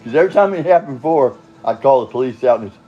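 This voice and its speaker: A man's voice: mid-range voice, lively intonation, rapid-fire, highs cut off. An older man telling his own story in a rambling, casual monologue, blunt and profane, chuckling and drifting off on tangents.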